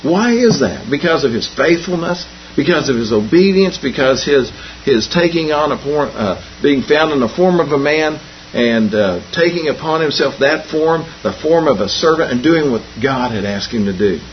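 A man's voice: a little high, expressive, normal speed, slight background noise. A man preaching a folksy Bible lesson, repeating and restarting phrases and telling homespun jokes, on a dull lo-fi recording. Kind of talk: folksy sermon.

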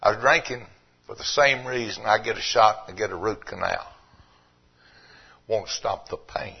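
An older man preaching a sermon, swinging from low and quiet to loud and emphatic. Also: moderate pace, vocal fry, husky, highs cut off.

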